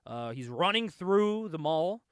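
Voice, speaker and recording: A man's voice: high voice, sing-song, a little slow, smooth, no room sound, clean studio sound. A man hosting a casual comic book podcast, sarcastic and laughing often as he recaps. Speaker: podcast host.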